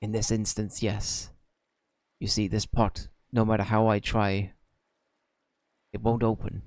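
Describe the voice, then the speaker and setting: A man's voice: on the low side, level tone, a little slow, a little mellow, no room sound. A man doing a stiff, hesitant old peddler. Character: formal, evasive older male peddler.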